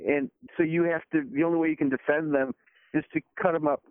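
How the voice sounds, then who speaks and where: Guest on a dry, phone-quality line; relaxed man, meandering, lots of "uh"s. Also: fairly high pitch, fast, no room sound. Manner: rambling, many fillers and restarts. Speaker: guest, former special effects worker. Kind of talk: casual podcast chat.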